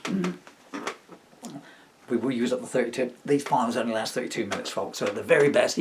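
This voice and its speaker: A man's voice: mid-range voice, noisy background. Older guy reading his own comedy story, rambly, laughs at himself, bouncy up-and-down voice. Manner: rambling, self-mocking, chuckles at his own jokes. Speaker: audiobook reader.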